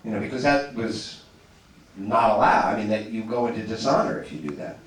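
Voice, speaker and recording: Man, actor at a fan panel, animated storyteller, repeats himself, roomy echoey hall, distant stage mic. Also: fairly low pitch, brisk. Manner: animated storyteller, repeats words, laughs often. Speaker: actor as convention panel guest. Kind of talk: anecdotes and audience Q&A.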